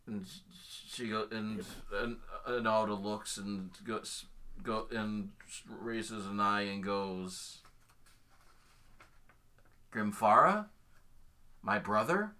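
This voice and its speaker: Slow, flat-voiced man narrating a game. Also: on the low side. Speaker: game master.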